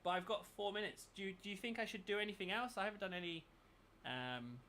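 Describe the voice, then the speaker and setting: Bright-voiced man muttering while painting. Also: high-pitched, lively intonation, fast, slight background noise. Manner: thinks aloud, mutters while working. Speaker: miniature painting channel host. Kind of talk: casual chat while painting.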